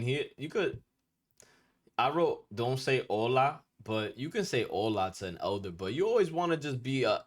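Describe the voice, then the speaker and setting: In a relaxed, slangy lesson, a man from a Dominican family teaches Spanish etiquette. His medium-pitched voice is blunt, and he swears now and then.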